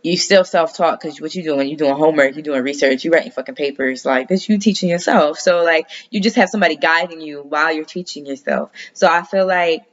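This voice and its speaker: A low-voiced woman talks a little fast, with hardly any pauses, in a rambling, profanity-laced personal chat about dreams and astrology. She is an astrology vlogger, and the recording's high frequencies are cut off.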